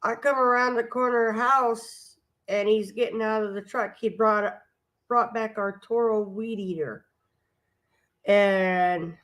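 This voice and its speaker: A woman's voice: on the high side, steady tone, a little slow. A woman hosting a live stream, chatting casually in a rambling, homespun way with many asides. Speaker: vlogger and live stream host. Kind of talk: casual storytelling chat.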